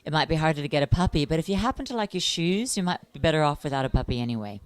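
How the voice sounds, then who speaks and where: Low-voiced woman interviewer, earnest. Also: lively intonation, racing. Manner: earnest and talkative, with fillers and restarts. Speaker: interviewer and animal welfare activist. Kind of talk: casual on-camera interview.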